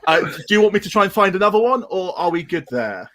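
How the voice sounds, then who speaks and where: A man's voice: sits high, very animated, fast talker, fairly bright tone. A man reading out listener jokes on a pun show, self-deprecating and stumbling over French words.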